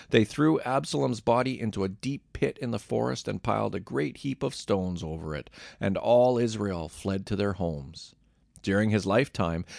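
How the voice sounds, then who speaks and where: A man reads scripture in a steady, measured way. His voice is low and gravelly, and it is recorded dry and close, with no room sound. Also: dry recording. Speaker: scripture reader.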